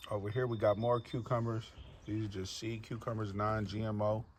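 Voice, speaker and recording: A man casually walking viewers through his home garden, chatty and relaxed, calling them y'all. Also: fairly low pitch, moderate pace, slight background noise. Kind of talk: casual walk-through narration. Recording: music playing clearly behind the voice.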